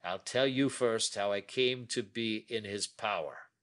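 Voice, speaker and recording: A man voicing an aging, remorseful man who talks in a slow, heavy, pleading way. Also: fairly low pitch, a bit bright. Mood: confessing.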